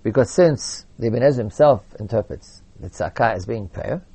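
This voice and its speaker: A man with a gravelly, slightly husky voice delivers a Torah lecture. He explains texts carefully, and his voice jumps up when he acts out quoted complaints. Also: mid-range voice, animated, normal speed, mellow. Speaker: Torah teacher.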